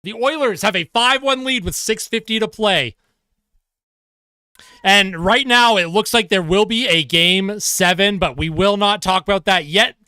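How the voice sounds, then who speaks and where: A man calling a hockey game live from his own setup, eager and ready to erupt on a big play. His voice sits high and sounds bright and crisp. The sound is close and dry. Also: a little slow, no room sound. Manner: excitable, shouts on goals, laughs at himself. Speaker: fan play-by-play commentator.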